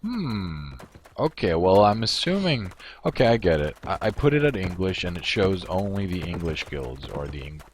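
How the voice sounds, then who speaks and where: A man's voice: sits low, very animated, normal speed, slight background noise. A male game streamer giving casual commentary. He rambles and thinks aloud, often amused at himself.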